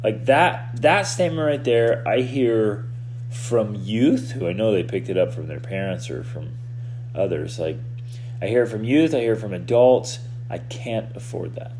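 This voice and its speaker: A man hosting a podcast as a coach, giving a motivational talk in an animated way, often restarting and repeating words. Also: fairly low pitch, moderate pace, a little hiss or hum.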